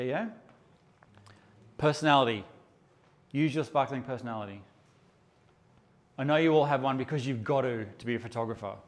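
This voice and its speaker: A man teaching a live workshop session, brash and joking and swearing freely as he addresses the audience. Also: mid-range voice. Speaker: photography workshop presenter.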